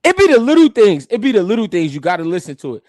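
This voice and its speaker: A man's voice: high voice, very animated, fast talker, darkish tone, no room sound, clean studio sound. A man hosting a live boxing stream, joking and laughing through profane banter.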